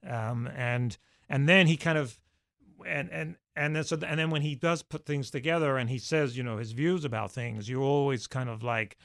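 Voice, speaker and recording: A man with a gravelly voice talks through his answers in a halting, reflective way. His many fillers and restarts make it sound unscripted. The sound is dry and close. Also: medium pitch, a bit bright, no room sound. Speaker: podcast guest, former studio executive. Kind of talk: conversational interview answers.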